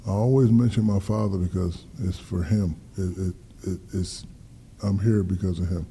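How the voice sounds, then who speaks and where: Low-voiced with some vocal fry, this man in his fifties talks at a moderate pace against slight background noise. He's a guest athlete in a casual interview, animatedly spinning tales, performing the dialogue, and cursing freely.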